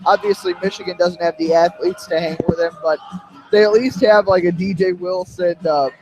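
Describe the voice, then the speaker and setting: A man's voice: high-pitched, fairly even intonation, normal speed, noisy background. A young man giving laid-back, hedging color commentary with casual fillers on a college radio sports show.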